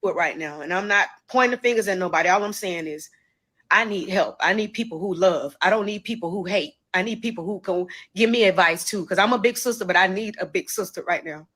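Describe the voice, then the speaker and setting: A woman's voice: medium pitch, a little fast, fairly bright tone. Woman giving a heartfelt, pleading apology. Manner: pleading, heartfelt, Southern Black vernacular. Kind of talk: emotional public apology.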